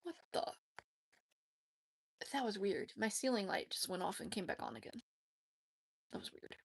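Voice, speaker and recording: A woman's voice: mid-range voice, sing-song, a little fast, vocal fry, slightly rough, no room sound, studio quality. A woman, chatting casually with viewers on a livestream, giggly and rambling. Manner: chatty, giggly, talks to herself. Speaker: livestream host.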